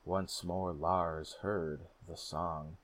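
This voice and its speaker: A man with a low, slightly husky voice reads a folk tale aloud. His pace is steady and measured, with the calm of a storybook narrator. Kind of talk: storybook reading.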